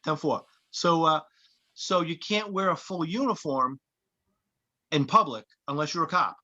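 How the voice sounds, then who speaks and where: Bright-voiced storytelling comedian. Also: male voice, a little high, unhurried, lo-fi sound. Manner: animated anecdotes, acting out quoted voices. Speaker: comedian and actor guest. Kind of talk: casual storytelling chat. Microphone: podcast mic.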